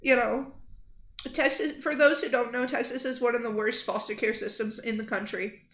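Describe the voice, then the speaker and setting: A young woman streaming, speaking earnestly and angrily, shaken after crying, halting and repeating herself. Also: on the high side, steady tone, a bit bright. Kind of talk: emotional livestream address. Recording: roomy echo.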